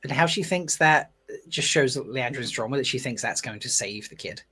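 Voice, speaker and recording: A man's voice: mid-range voice, normal speed, breathy edge. Chatty man. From Essex, England. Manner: animated, laughing, quotes characters in voices. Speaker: host. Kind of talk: casual chat.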